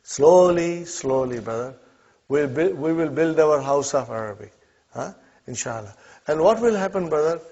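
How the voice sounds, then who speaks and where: Patient Arabic teacher, dull lo-fi recording. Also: male voice, on the high side, animated, darkish tone. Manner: drills with repeated "huh?" and "okay?" checks; patient, encouraging, slows down for students. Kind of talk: classroom lesson.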